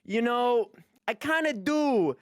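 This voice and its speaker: A man's voice: very high-pitched, lively intonation, takes it slowly, clean tone, no room sound, clean studio sound. A man improvising as a breezy, teasing job interviewer in a comedic party game. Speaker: game player acting as interviewer. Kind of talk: improvised comedic role-play.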